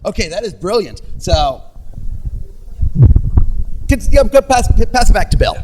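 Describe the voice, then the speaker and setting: A high-pitched man hosts a live podcast from a convention floor, chatting upbeat with quick asides and restarts. Faint noise hums under the recording. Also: big pitch swings. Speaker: podcast host. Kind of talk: casual convention interview.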